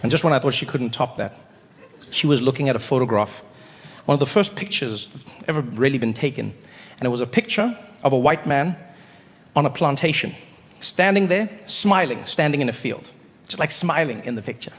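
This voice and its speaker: A man from South Africa performing stand-up comedy, telling stories in a playful, animated way on a large stage. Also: medium pitch, normal speed. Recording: long hall reverb, faint noise.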